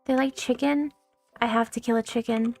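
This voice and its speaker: A woman's voice: fairly high pitch, fairly even intonation, normal speed, darkish tone. A young woman streaming a video game, rambling casually, swearing freely and poking fun at herself. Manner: rambling, swears a lot, self-mocking. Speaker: VTuber streamer. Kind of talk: casual gaming stream chat. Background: faint background music.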